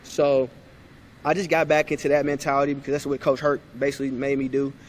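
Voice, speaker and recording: A man's voice: medium pitch, quick pace, slight background noise. A man in his thirties, a former point guard, telling stories in a casual podcast interview and acting out old conversations. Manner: animated, acts out past conversations.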